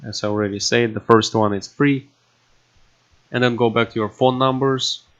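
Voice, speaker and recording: A man at his computer walking through a coding tutorial, halting and filling pauses with "you know" and "um". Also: medium pitch, steady tone, fairly bright tone. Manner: halting, with many fillers and restarts. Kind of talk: casual screen-recorded coding tutorial. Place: at a computer indoors. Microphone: desktop microphone. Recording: dull lo-fi desk mic.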